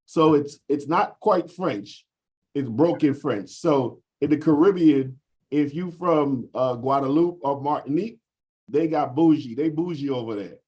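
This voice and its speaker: A man's voice: fairly high pitch, measured pace, a little mellow, breathy edge. A man from the US Virgin Islands, talking over a video call in a casual group discussion and explaining at length with frequent fillers.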